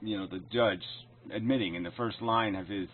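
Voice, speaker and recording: Brisk and lowish in voice, a video commentator fires off an angry, profane, sarcastic response video dismantling another man's claims. Slight background noise sits under the tinny, phone-like audio.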